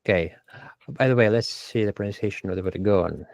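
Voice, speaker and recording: A man's voice: fairly low pitch, a little fast, gravelly, darkish tone, no room sound, studio quality. A man teaching English one-on-one, repeating words and patiently correcting pronunciation. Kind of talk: one-on-one vocabulary lesson.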